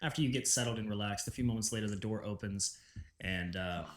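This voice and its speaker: Lower-voiced man narrating as game master. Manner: unhurried, descriptive, with restarts. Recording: echoey room with faint noise.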